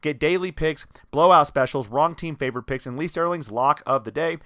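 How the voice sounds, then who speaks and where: A man's voice: on the high side, brisk. A young man hosting a sports podcast, joking and chatting casually with a guest and reading the sign-off. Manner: energetic, self-mocking, joking banter. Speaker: podcast host.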